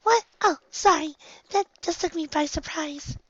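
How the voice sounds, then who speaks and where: A woman's voice: extremely high pitch, unhurried, no room sound, voice pushed up. A woman voicing a timid, shy young female pegasus who stammers and hesitates, recorded on a dull lo-fi home setup. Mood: flustered.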